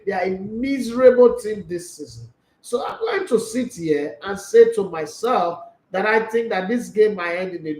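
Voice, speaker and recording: A man's voice: sits high, darkish tone, echoey room, poor audio. A man hosting a sports show, talking casually through football predictions with teasing rhetorical questions. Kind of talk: casual football preview talk.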